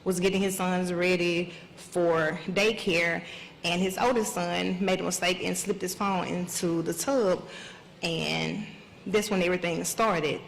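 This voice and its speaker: A middle-aged mother giving emotional testimony on a panel, speaking haltingly and repeating herself as she holds back tears. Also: fairly low pitch, fairly even intonation, gravelly. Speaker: mother of an incarcerated son. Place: conference hall stage. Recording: echoey hall with faint hiss.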